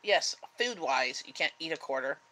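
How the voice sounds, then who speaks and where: A woman hosts a relaxed home livestream, easygoing and gently directing the person beside her. Her voice sits on the lower side for a woman. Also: normal speed, poor audio. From Canada. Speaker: host of a livestream chat. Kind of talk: casual chat.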